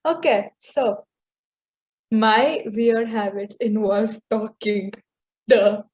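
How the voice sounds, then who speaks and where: A woman's voice: mid-range voice, very slow, darkish tone. A teenage girl, co-hosting a podcast with playful, teasing banter. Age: teens. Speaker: podcast co-host. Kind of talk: casual chat.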